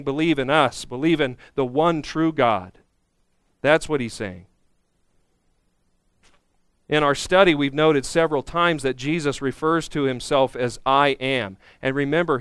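Smooth-voiced man preaching a sermon. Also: on the high side, a bit bright, no echo, clean studio sound. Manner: earnest teaching, acts out Bible speakers. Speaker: pastor. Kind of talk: expository sermon.

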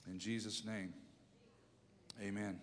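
A man's voice: level tone, takes it slowly. Impassioned preaching pastor, man. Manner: impassioned, swings from loud calls to low storytelling. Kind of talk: sermon with prayer. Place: church. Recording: long hall reverb.

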